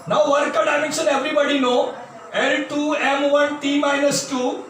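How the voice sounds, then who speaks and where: This physics teacher, an Indian man with a high voice, lectures at a classroom board in a flat, slightly bright delivery at moderate speed. Addressing students as "my dear," he keeps repeating the key terms. He's heard from a distance in a very echoey room with faint noise.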